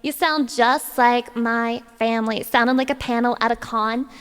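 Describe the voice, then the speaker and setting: A woman's voice: fairly high pitch, fairly even intonation, moderate pace, a bit bright, clean tone, in a large hall. A woman streamer chatting casually with her audience, playful and dramatic, reading chat aloud and swearing freely.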